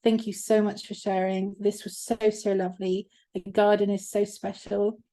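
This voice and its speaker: A woman co-hosting an online event on a video call, reading out chat comments warmly and emotionally. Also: mid-range voice, flat delivery, normal speed. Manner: emotional, laughing, tearful. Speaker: co-host.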